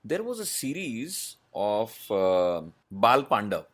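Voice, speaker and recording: A man, a voice artist answering interview questions in a measured, explanatory way with many pauses. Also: on the low side, big pitch swings, fairly bright tone. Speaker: voice artist guest.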